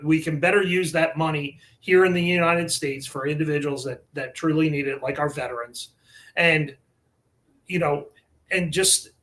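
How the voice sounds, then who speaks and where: High-voiced male political candidate. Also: fairly bright tone, low-quality recording. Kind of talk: casual political interview.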